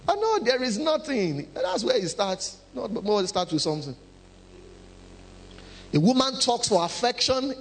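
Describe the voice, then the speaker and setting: A man preaching a sermon, animated and humorous, acting out quotes. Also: high-pitched. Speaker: pastor.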